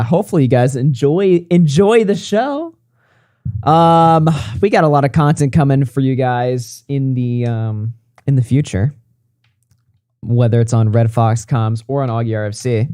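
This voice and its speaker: A man's voice: mid-range voice, normal speed, a little mellow, clean tone, dry recording. A male livestream host, tired and close to a morning voice, signing off in rambling, profane casual chat.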